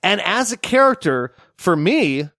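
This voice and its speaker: Male podcast co-host, animated and quick to laugh, slightly high-pitched, recorded dry. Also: no echo. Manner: chatty and animated, laughs easily. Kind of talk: casual chat.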